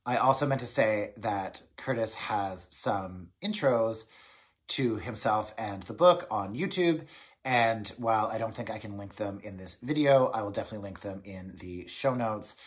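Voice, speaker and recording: A man hosting a knitting podcast, chatting casually to camera in an excitable, rambling way with many fillers. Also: fairly low pitch, normal speed.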